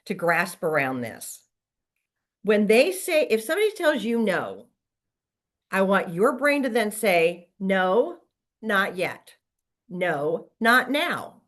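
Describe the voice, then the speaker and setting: A woman's voice: medium pitch, takes it slowly. A middle-aged woman coaching real estate agents in a casual motivational talk, acting out quoted lines as she goes. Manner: lively, conversational, acts out quoted lines.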